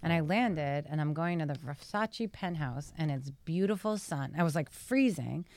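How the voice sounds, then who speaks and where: A woman guest on a podcast, telling a story in a chatty, animated way with many fillers. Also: low-pitched, moderate pace. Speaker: guest, behavioral psychology scientist.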